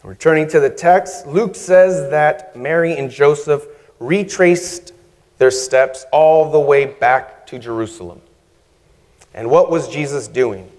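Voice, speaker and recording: A male guest preacher delivers a sermon slowly and deliberately, his fairly high voice rolling out in measured phrases with touches of humor. His words ring through a large church sanctuary with a long reverb. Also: darkish tone. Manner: measured, humorous, emphatic pauses.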